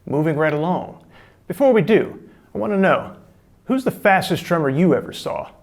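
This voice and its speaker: Casual, slightly high-voiced drum teacher. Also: male voice, lively intonation, moderate pace, darkish tone, a little hiss or hum. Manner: casual, demonstrative, chatty with fillers. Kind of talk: instructional drum lesson.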